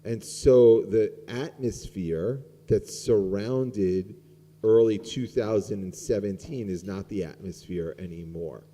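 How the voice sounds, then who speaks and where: Conversational rabbi in a reverberant hall. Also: male voice, fairly low pitch, dark tone. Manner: conversational, rambling with many fillers. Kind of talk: informal sermon with discussion. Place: synagogue sanctuary.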